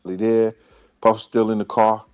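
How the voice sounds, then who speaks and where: A man's voice: lowish voice, level tone, measured pace, darkish tone, clean tone, no echo. A man recounting a personal story in casual slang, played from an interview clip. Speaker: interview guest.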